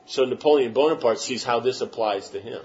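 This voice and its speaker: A man's voice: mid-range voice, fairly quick, darkish tone. Spiritual teacher, male, rambling emphatic lecture, lo-fi muffled sound. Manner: rambling, emphatic, with many restarts. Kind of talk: lecture answering questions.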